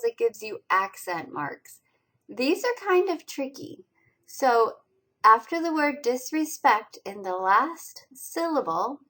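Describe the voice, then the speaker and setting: A woman teaching college reading skills over slides, explaining pronunciation and stressing each syllable with slow, deliberate enunciation. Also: fairly high pitch, a bit bright, poor audio. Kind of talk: recorded lecture over slides.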